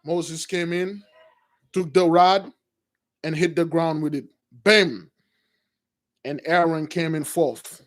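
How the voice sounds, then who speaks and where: A man casually retelling a religious story to his listeners, animated and addressing them as brothers. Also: a little high, takes it slowly, pauses often. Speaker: preacher, storyteller.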